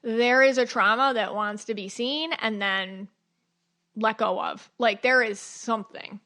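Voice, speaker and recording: Chatty woman podcast host, slightly high. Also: steady tone, measured pace, pushed and bright. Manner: chatty, lots of "like" and "you know", acts out inner dialogue. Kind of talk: casual spiritual podcast monologue.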